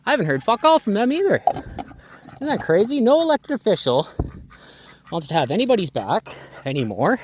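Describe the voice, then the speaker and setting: In an angry outdoor vlog, a man who keeps a small poultry farm in Ontario, Canada, swears and asks heated rhetorical questions while walking among his birds, breathless, phone in one hand. His high, sing-song voice moves a little fast, broken by long pauses. Faint farm sounds of ducks and fowl and slight background noise come through.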